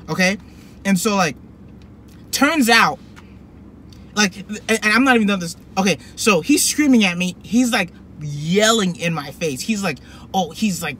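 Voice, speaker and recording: A young man telling a personal story to camera in a rambling, animated way, full of fillers and restarts. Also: high-pitched, moderate pace, slight background noise. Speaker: vlogger. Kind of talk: casual storytelling.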